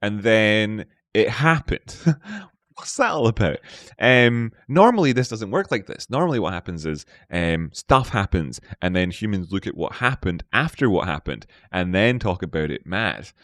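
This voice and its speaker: A man's voice: on the low side, lively intonation, normal speed, fairly bright tone, no room sound, studio quality. A man hosting a live market analysis stream, playful, chatting with viewers and talking to himself. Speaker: trading stream host.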